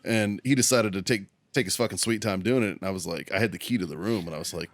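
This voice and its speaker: A man's voice: deep voice, fast talker, few pauses. A man hosting a casual podcast, telling a crude army story with lots of swearing and laughter. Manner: profane, laughs while telling stories. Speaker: podcast host.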